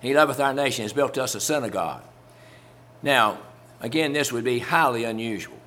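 A man's voice: mid-range voice, a little fast, a bit bright. A man preaching a sermon in a folksy, conversational way, chuckling as he talks through a Bible story to his congregation.

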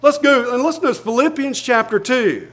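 Male pastor, high-pitched, earnest sermon delivery with scripture reading and frequent restarts. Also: lively intonation, moderate pace, a bit bright. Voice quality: reads scripture aloud in King James wording. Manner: earnest preaching with frequent repeated words and light laughs.

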